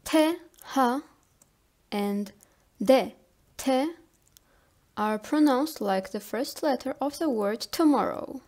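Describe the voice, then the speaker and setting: Slow, high-voiced woman teaching pronunciation. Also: darkish tone. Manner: slow and deliberate, spells out letters and repeats example words. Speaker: language teacher. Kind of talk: slow spelled-out pronunciation lesson.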